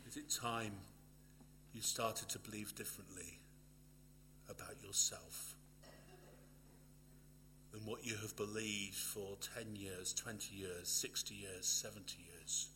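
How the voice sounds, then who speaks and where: A man preaching a sermon, swinging from loud emphatic lines to hushed near-whispers and repeating phrases for emphasis. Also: fairly low pitch, fairly even intonation, slow pace, pauses often, noisy background.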